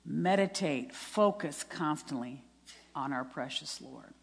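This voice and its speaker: A woman's voice: deep voice, lively intonation, slow, creaky, husky. A middle-aged woman giving an earnest testimony sermon, quoting scripture and laughing at herself. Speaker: speaker at a women's retreat. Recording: long reverb in a hall.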